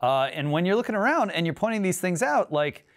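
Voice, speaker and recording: A man's voice: sits high, big pitch swings, brisk. A man hosting an interview, asking long questions and stacking up fillers as he builds them. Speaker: show host. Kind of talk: conversational interview.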